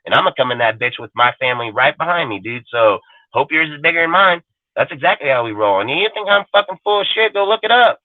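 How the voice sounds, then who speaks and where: A man's voice: a little high, lively intonation, quick pace, no room sound. Guy going off on an angry profane rant, tinny phone-ish audio, dry no room sound. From California. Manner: aggressive, swaggering, heavy swearing. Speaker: fan channel host.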